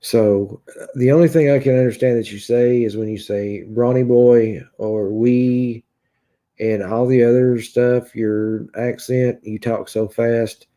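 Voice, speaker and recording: A man with a Kentucky accent hosting a livestream, reading viewers' comments aloud in a halting, casual way full of filler sounds and restarts. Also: medium pitch, fairly even intonation, warm tone. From Kentucky, USA. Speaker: livestream host reading chat.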